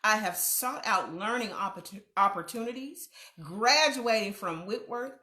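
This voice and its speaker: A middle-aged woman hosts a live online talk show, reading viewer comments in a warm, affirming, playful way and laughing often. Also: medium pitch, animated, a little slow, reverberant.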